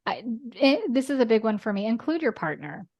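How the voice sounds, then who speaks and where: A woman guest on a podcast, talking earnestly in casual chat, with quick bursts and lots of "like". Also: fairly high pitch, very animated, dull audio.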